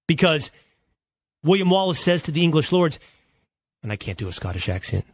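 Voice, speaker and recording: Emphatic American man, higher voice. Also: sing-song, dry recording. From United States. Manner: emphatic, rhetorical, drawn-out stresses. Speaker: political commentator. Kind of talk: opinion monologue.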